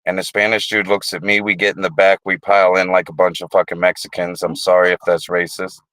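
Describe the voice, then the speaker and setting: A man's voice: low-pitched, little pitch movement, quick pace, fairly bright tone, dry recording, poor audio. A man hosting a casual livestream, telling rambling, profane stories. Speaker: livestream host.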